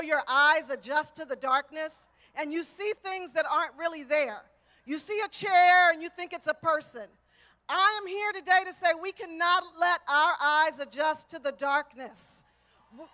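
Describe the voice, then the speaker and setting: A woman's voice: extremely high pitch, sharp tone. A woman giving a rousing speech at an outdoor rally, speaking into a stage microphone with a big crowd answering her chants. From Texas, United States. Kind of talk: rally speech with call and response.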